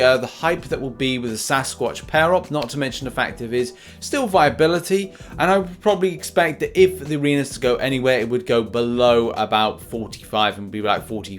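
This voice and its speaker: A man hosting a mobile game news show, chatting loosely about game updates with lots of fillers and restarts. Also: mid-range voice. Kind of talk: casual gaming news commentary over gameplay.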